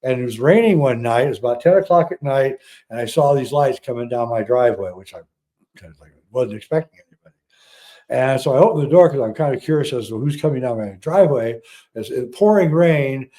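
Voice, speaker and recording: Middle-aged male storyteller, warm dark tone, lively re-enactor of dialogue. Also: mid-range voice. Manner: animated, acts out dialogue. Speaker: filmmaker guest. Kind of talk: personal storytelling.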